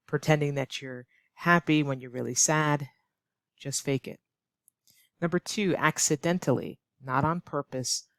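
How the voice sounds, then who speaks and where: A woman with an American accent teaching an online English lesson, expressive and acting out her examples. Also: dry recording, studio quality. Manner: expressive, acts out examples with big swings of pitch. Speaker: ESL teacher.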